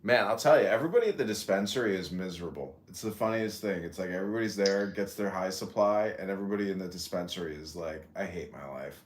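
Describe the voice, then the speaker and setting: Deep-voiced deadpan man, echoey room. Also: quick pace, few pauses. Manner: deadpan, mumbling asides, frequent throat clearing. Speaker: podcast host. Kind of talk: casual stoned chat. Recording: echoey room with faint noise.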